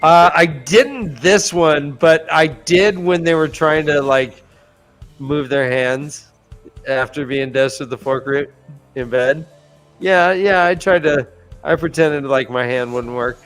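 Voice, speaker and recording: A man's voice: a little high, takes it slowly, fairly bright tone, faint music behind. A man co-hosting a podcast, casually recapping book chapters in loose, profane chat.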